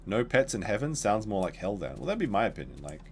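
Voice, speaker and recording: A man's voice: fairly low pitch, big pitch swings, fast talker, vocal fry, a little mellow, a little hiss or hum. A man streaming a dinosaur game, rambling casually to his chat while he plays. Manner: rambling, chatty, talks to chat while playing. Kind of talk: casual gameplay commentary.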